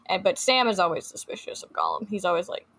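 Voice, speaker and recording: A woman's voice: lowish voice, animated, quick pace, a bit bright, slightly rough. Chatty woman podcast co-host. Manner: chatty, with many fillers and restarts. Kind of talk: casual chat, reading book passages aloud.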